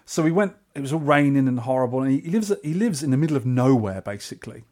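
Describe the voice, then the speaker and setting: A man with a London accent, co-hosting a podcast and telling a trip story in casual chat, animated and acting out the people he met. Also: mid-range voice, quick pace. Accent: English, London. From England. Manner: animated, acts out quoted voices. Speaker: podcast co-host.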